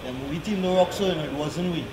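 An actor with a Trinidadian accent playing a frightened captive who keeps denying a killing. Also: male voice, a little high, fairly quick, noisy background, natural voice. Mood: pleading. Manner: pleading, repetitive denials.

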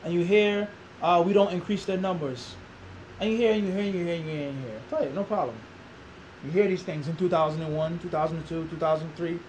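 A man's voice: on the high side, fast talker, darkish tone, a little hiss or hum, low-quality recording. A man in his thirties with a Philadelphia accent, giving an interview that turns into a lecture, asking the room rhetorical questions and repeating his points. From Philadelphia, USA. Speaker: interviewed Islamic teacher.

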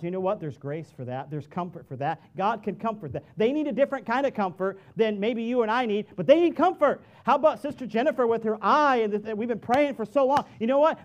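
A middle-aged pastor with a notably high voice, preaching to his church. He talks to the congregation like a friend, drops to quiet asides, then climbs to loud, emphatic peaks. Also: dull audio. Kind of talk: sermon. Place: church sanctuary.

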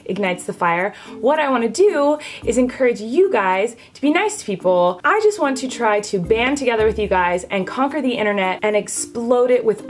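A woman in her twenties chatting casually to camera in a vlog, bubbly and animated, with her pitch jumping up when excited. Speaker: vlogger.

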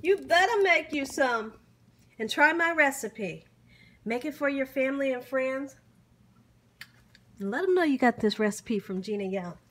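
A middle-aged woman with a high, animated voice films a casual food-tasting vlog at a moderate pace, pausing often over a faint hiss or hum. She savors each bite with hums, whoops and grateful exclamations, peppering it all with warm, churchy blessings.

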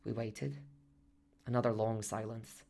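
A man's voice: lowish voice, monotone, measured pace, dark tone. A man narrating a radio drama monologue as its main character, reflective and self-reproaching.

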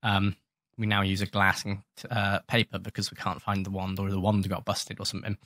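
Low-voiced man joking through gameplay. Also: monotone, fairly quick, fairly bright tone, dry recording, studio quality. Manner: rambling, jokey and self-mocking, scolds the game's sharks. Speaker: gaming channel host. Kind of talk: casual gameplay commentary.

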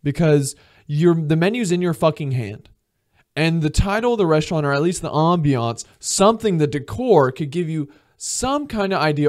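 A young man hosting a podcast, ranting comedically with lots of swearing and quick acted-out mock dialogues. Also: a little high, lively intonation, a little mellow. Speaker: podcast host. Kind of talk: comedic solo rant.

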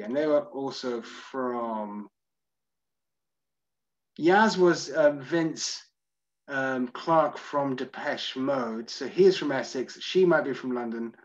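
This is a man from Scotland hosting an online music tour, taking live chat questions and replying casually as he reads them aloud. His voice is a little high, and the audio sounds dull.

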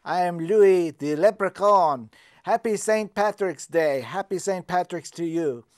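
Man putting on a leprechaun, Irish brogue, boastful, high-pitched, dry old public access tape. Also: unhurried, dry recording. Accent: put-on Irish. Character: boastful male leprechaun wrestling champ, jokey. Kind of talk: public access comedy show clip.

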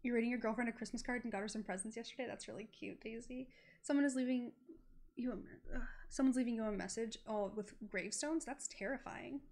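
A woman's voice: fairly high pitch, darkish tone. A young woman streamer giving giggly, chatty gameplay commentary, often cooing over the characters on screen.

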